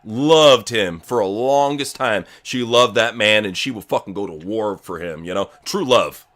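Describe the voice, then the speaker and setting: A man co-hosting a live wrestling watch-along, giving excitable, profane play-by-play and chatting between moves. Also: on the low side, a little slow. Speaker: co-host. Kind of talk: live reaction commentary.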